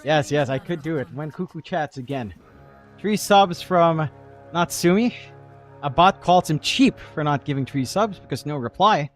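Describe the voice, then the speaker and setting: A man's voice: fairly high pitch, lively intonation, moderate pace. Chatty male esports caster over music. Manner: chatty, analytical, jokey. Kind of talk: live game commentary. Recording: music in the background.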